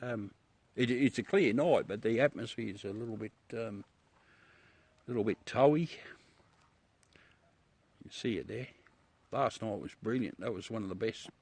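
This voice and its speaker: A middle-aged Australian livestreamer shows the moon through a telescope, chatting casually with viewers and often joking, swearing and laughing. His lowish voice is a little mellow with a breathy edge, unhurried with long pauses, and there's no echo.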